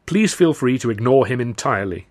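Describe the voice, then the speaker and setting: A man's voice: medium pitch, expressive, a little fast, darkish tone, lightly acted. A man playing a breezy, self-assured young comedian who talks in an airy, flamboyant, declamatory way.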